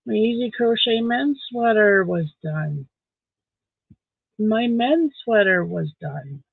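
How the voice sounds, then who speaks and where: His voice sits high yet sounds gravelly and husky, and he speaks slowly but with animation. The man, from Saskatchewan, Canada, hosts a casual late-night live stream at home, reading and answering viewer comments and talking to his dog. The recording is dry and phone-like.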